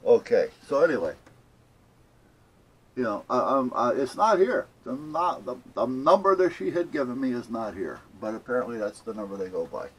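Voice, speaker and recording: A man's voice: mid-range voice, sing-song, moderate pace, fairly bright tone, breathy edge. An older man telling an annoyed story to camera, indignantly acting out both sides of a phone call. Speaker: vlogger. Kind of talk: casual ranting story to camera.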